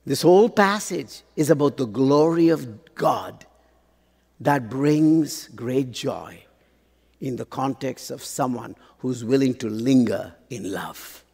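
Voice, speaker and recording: A man preaching a sermon, pausing for effect and asking the congregation rhetorical questions. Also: medium pitch, vocal fry, darkish tone, husky. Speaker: pastor. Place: large church hall. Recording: long hall reverb.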